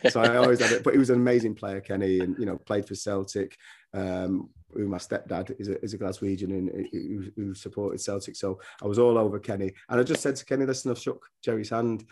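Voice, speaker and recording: A man's voice: fairly low pitch, fairly even intonation, a little fast, a little mellow. A middle-aged man, a former footballer and coach, talking casually as a guest and telling rambling stories with many restarts. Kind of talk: casual podcast interview.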